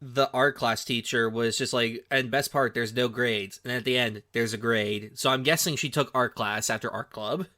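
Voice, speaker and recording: A man's voice: medium pitch, moderate pace, hardly any pauses, pushed and bright, no echo, clean studio sound. A man co-hosting a podcast, recapping a movie with wry, sarcastic asides. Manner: wry, sarcastic, mock-quoting. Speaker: podcast co-host. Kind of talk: casual chat recapping a movie.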